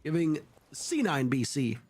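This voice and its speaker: A man calling esports play-by-play, excitable and rising at big plays. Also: a little high, unhurried, husky. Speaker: play-by-play caster.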